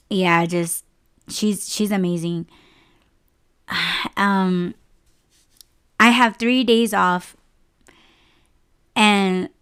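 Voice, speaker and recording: Slow-talking emotional woman podcaster. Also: medium pitch, smooth. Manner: emotional, close to tears, many fillers and restarts. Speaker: podcast host. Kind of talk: casual personal storytelling.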